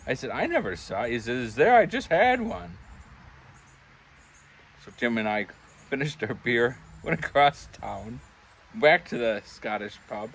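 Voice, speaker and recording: A man's voice: mid-range voice, big pitch swings, measured pace, gravelly, long pauses, fairly bright tone. An older man telling rambling, chuckling pub anecdotes in a casual vlog, acting out the voices he quotes. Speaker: vlogger. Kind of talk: casual storytelling. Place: backyard pub shed.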